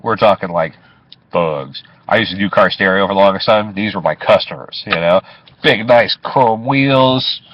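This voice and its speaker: A man's voice: fairly low pitch, no echo. A man, a taxi driver, casually telling a story from inside his cab, swearing and chuckling as he goes. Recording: dull lo-fi recording.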